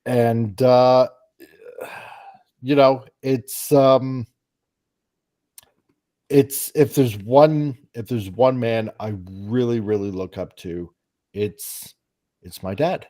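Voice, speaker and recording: A man co-hosting a talk show, speaking in a halting, hesitant way. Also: medium pitch, steady tone, dark tone. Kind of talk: casual chat.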